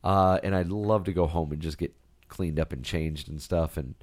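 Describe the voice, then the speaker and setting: Congested forty-ish male podcast co-host, low and dry, loose and chatty. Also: moderate pace, dry recording. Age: about 40. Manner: congested, stuffed-up, relaxed and rambling. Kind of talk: casual chat.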